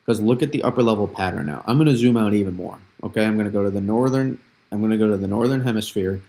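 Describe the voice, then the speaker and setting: A man's voice: fairly low pitch, quick pace, warm tone, low-quality recording. A young man hosting a live weather analysis stream, explaining patterns with repeated phrases and frequent restarts. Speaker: weather forecaster, host.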